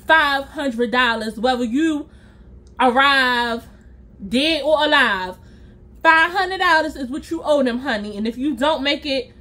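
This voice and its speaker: A woman vlogger telling a story in a casual storytime style, lively and chatty, calling her viewers y'all and honey and acting out what people said. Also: high-pitched, a little slow. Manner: animated, addresses viewers as y'all and honey, acts out quotes.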